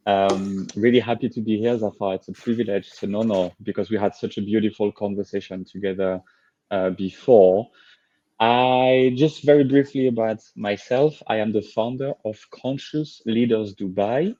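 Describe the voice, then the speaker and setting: A man in his thirties with a French accent, a lowish, mellow voice, telling his story earnestly and with upbeat energy. The sound is dry and a little dull. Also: steady tone, moderate pace, dry recording. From France. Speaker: guest, leadership coach. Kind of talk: interview, personal story.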